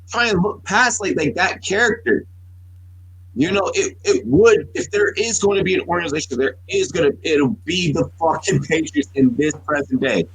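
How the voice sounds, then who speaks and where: A man in his thirties co-hosting a sports podcast, speaking in a husky, slightly raised voice. He tells long, profane stories and keeps backing up to restart his sentences. The mic is close and the sound is dry. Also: high voice, fairly bright tone, no room sound, rough recording. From United States. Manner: profane, rambling storyteller with many restarts. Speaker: podcast co-host. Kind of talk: casual sports talk.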